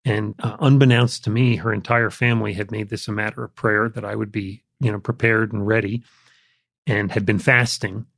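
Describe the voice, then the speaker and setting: An older man, an interview guest, telling a personal story in a relaxed, reflective way, with frequent fillers. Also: fairly low pitch, normal speed, vocal fry, no echo, clean studio sound. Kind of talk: conversational storytelling.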